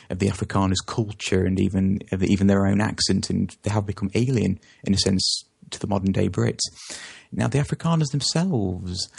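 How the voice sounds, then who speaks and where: A man's voice: fairly low pitch, gravelly, darkish tone, breathy edge. A man speaking as an interview guest, talking at length and often stopping to correct himself mid-sentence. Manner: rambling, with frequent self-corrections. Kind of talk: conversational interview.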